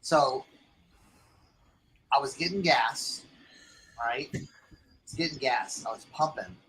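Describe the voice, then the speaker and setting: A man's voice: mid-range voice, slow, a bit bright, slight background noise, rough recording. A middle-aged man casually recounting a story on a podcast, rambling with lots of fillers and restarts. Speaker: podcast co-host.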